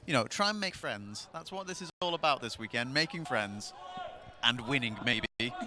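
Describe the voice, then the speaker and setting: Lively joking male sports commentator. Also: moderate pace, a crowd in the background. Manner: jokey, chatty banter with lively pitch. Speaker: match commentator.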